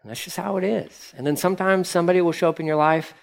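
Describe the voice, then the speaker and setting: A man's voice: high voice, quick pace, gravelly. A man preaching a sermon as pastor, in a casual, conversational manner with slangy asides.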